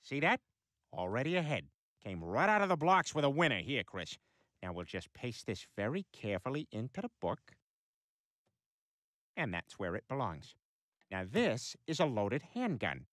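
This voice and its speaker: A dim-witted, blustering cartoon dad in his forties. His voice is bright and sharp, with lively swings of pitch. It is recorded dry and close. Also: normal speed, long pauses, no echo. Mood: mock-earnest. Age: 40s. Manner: childish, blustering. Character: dim-witted loud middle-aged father. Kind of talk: cartoon voice acting.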